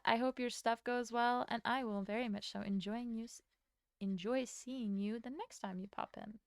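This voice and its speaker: A woman's voice: a little high, dry recording, studio quality. A young woman streamer whose first language is Latvian, rambling casually while she draws, swearing now and then and answering her chat. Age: young adult.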